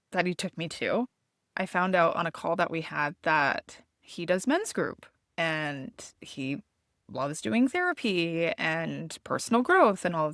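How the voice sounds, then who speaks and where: Candid woman, low voice, dry close mic. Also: no room sound. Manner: candid, expressive, swears freely. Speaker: podcast host. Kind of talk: casual personal storytelling.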